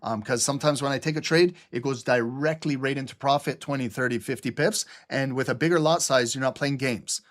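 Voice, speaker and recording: A man's voice: mid-range voice, brisk, few pauses. A middle-aged man hosting a live trading stream, blunt, sarcastic and profane, with typing heard behind him.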